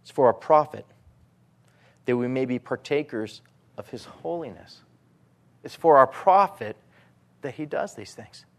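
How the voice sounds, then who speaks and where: A man preaching a sermon, animated, moving between loud emphatic lines and quiet asides. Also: mid-range voice, unhurried, long pauses.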